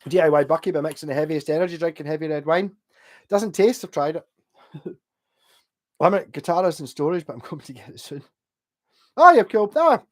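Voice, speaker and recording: A man's voice: on the high side, lively intonation, brisk, long pauses. A man, a bit drunk, rambling casually on a late-night home livestream while reading out chat and laughing often.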